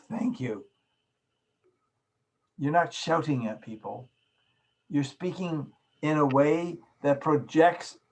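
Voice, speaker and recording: A man's voice: mid-range voice, rough recording. Man teaching public speaking technique. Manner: instructive, demonstrates vocal techniques.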